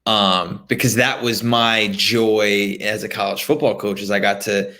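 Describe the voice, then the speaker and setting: A man's voice: on the low side, fairly even intonation, unhurried, sharp tone. A man hosting a podcast, reflecting on his coaching past and asking his guest probing questions in an encouraging conversational way. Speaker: podcast host. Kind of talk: conversational interview.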